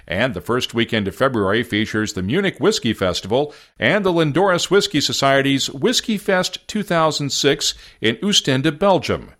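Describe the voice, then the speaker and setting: A man's voice: mid-range voice, fairly bright tone. A man from the United States hosting a podcast, reading a script in a wry, self-deprecating way. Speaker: podcast host.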